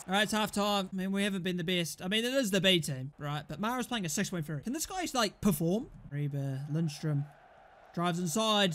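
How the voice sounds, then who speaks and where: A man's voice: high-pitched, animated, fairly quick, a bit bright, slight background noise. A young man casually commentating his football management game, swearing and exasperated at missed chances. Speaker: gaming YouTuber.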